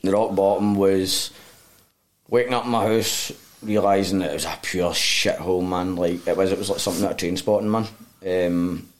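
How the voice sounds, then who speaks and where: Glaswegian guy on a podcast, lowish voice, sweary and blunt, keeps restarting his sentences. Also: steady tone, normal speed. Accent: Glasgow Scottish. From Glasgow, Scotland. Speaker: guest. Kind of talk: candid storytelling in a podcast interview.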